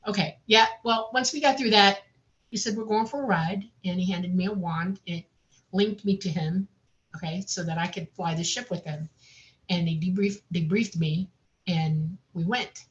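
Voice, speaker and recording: A woman recounting a personal experience in a casual, animated way, laughing often and saying "I mean" a lot. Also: on the low side, moderate pace, highs cut off. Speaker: guest recounting an abduction experience.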